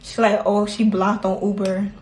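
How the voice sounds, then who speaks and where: A woman telling a story in casual chat, animated and laughing as she acts out what others said. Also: mid-range voice, normal speed, slight background noise. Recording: echoey room.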